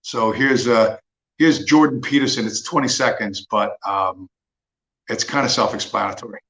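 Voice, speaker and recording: A man's voice: fairly low pitch, normal speed, a bit bright, echoey room, low-quality recording. A man hosting a livestream, talking in a sarcastic, profane, mocking rant. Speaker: livestream host. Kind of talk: casual ranting monologue.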